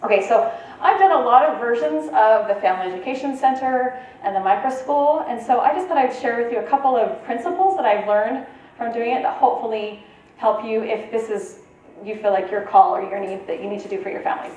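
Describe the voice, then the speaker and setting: A woman's voice: a little high, brisk, a little mellow, muffled recording. Woman speaking in a very echoey room. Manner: conversational, checks in with the audience. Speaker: conference presenter. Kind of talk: informal talk to a live audience. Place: meeting room at a retreat. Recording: very echoey room, voice from far off, faint ambience.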